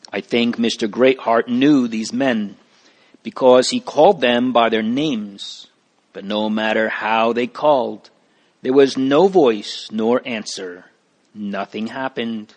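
A man narrates a moral tale at a very unhurried pace, weighing each phrase like a preacher. His voice sits at an ordinary middle pitch for a man. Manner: slow, deliberate, preacherly. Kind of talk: storybook reading, moralizing.

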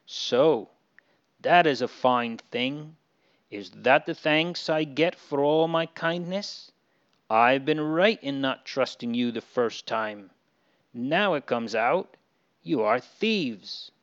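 A man's voice: medium pitch, lively intonation, slow, highs cut off. A man reading aloud, voicing an angry stern ruler of Egypt who scolds his visitors. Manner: indignant, scolding.

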